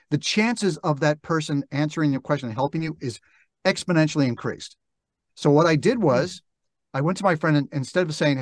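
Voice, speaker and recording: An older man, a guest on an interview podcast, telling stories in a reflective, halting way and acting out quoted dialogue. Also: on the high side, expressive, no room sound, studio quality. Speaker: interview guest, narrator and actor. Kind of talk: relaxed storytelling interview talk. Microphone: podcast microphone.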